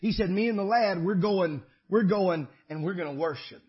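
A man preaching a sermon as pastor, shifting between shouted climaxes and quiet conversational asides. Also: high voice, normal speed, muffled recording.

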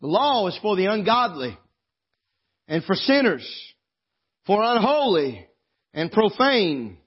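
High-voiced preacher, husky, fervent. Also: male voice. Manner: fervent preacher, swings from quiet reading to impassioned, tearful shouting. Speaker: pastor. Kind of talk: sermon. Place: church. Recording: dull lo-fi sermon recording.

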